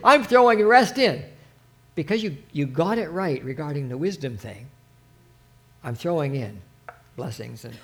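Male preacher with a high voice; earnest, halting delivery that lifts into fervor when reading scripture. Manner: earnest, halting, many restarts and asides; reads scripture with rising fervor. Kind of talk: informal sermon with scripture reading.

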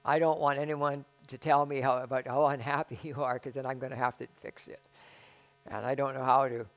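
A man preaching a conversational sermon as pastor, halting and self-deprecating, with frequent restarts. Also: mid-range voice, flat delivery.

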